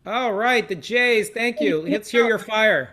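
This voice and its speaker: Leading a seder online, this man cues people along with upbeat encouragement and lots of fillers, keeping it casual. His high voice is unhurried, pushed and bright. The video-call audio carries a little hiss or hum.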